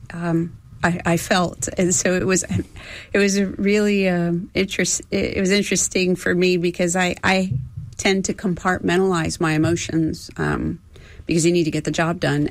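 A woman in her fifties, a former astronaut trainer and interview guest, recalls her past in an earnest, emotional way, with halting restarts. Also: on the low side, no echo. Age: 50s. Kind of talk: reflective interview storytelling.

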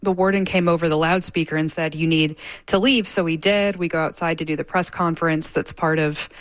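A woman reporter recounting events in a live news interview, measured and pausing with fillers. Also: sits low, fairly even intonation, dry recording.

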